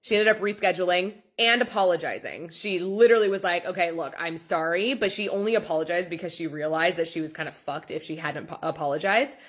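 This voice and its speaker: A woman's voice: fairly low pitch, fast talker, few pauses, fairly bright tone. Exasperated woman telling a client story. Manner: chatty and exasperated, lots of "like" and "um". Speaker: boudoir photographer. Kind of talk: casual storytime vlog.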